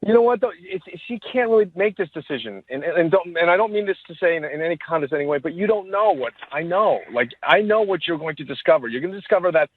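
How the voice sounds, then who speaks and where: A man's voice: a little high, lively intonation, fast talker, hardly any pauses, breathy edge. Stammering man in his forties on the phone. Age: 40s. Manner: awkward, stammering. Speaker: caller. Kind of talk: phone call on radio. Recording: tinny phone line.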